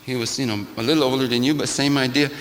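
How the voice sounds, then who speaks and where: An older man, a shaman, giving a sermon-like talk to a gathering in a church, with a rhythmic, repetitive cadence that swings from loud to hushed and wry, laughing asides. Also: mid-range voice, steady tone, fast. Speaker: shaman speaker. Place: church hall. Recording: long hall reverb.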